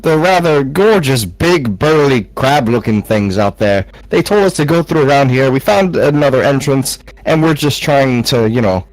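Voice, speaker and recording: A man's voice: mid-range voice, lively intonation, normal speed, hardly any pauses, lightly acted, rough recording. A man voicing a flirtatious male adventurer in a put-on Scottish accent, sweet-talking and coaxing in a tabletop game. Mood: flirty, coaxing.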